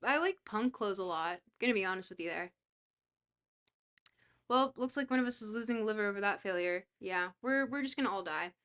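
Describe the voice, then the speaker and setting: A young woman streaming a geography guessing game, reacting excitably, swearing freely and talking to her chat. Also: mid-range voice, fairly quick. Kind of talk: casual live-stream chat while playing a geography game.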